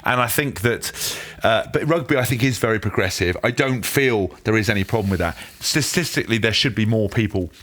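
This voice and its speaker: Bright-voiced animated man. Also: on the low side, fairly quick, hardly any pauses. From England. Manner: animated, jokey, self-interrupting. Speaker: podcast co-host, former rugby player. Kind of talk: casual chat.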